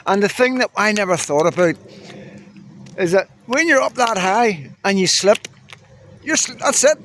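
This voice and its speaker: A man's voice: high-pitched, expressive, normal speed, a bit bright, slight background noise. A man telling a rambling, swearing story to his viewers and laughing along as he goes. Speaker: vlogger. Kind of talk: casual storytelling to camera.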